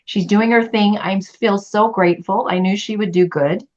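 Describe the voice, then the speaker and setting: A woman's voice: medium pitch, fairly even intonation, normal speed, a little mellow, highs cut off. A middle-aged woman in a group chat, speaking earnestly and openly about her feelings. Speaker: study group member. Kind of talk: casual group chat on a call.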